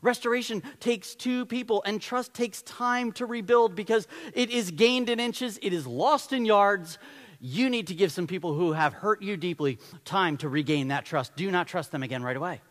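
A male pastor delivering a sermon, telling a Bible story with lively storytelling and acted-out voices. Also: sits high, moderate pace, big-room sound. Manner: animated storytelling, acts out voices.

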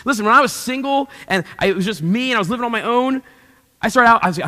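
Bright, high-voiced male preacher in a hall. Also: fast. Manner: animated storytelling with playful asides to the congregation. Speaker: pastor. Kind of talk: sermon. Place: church stage.

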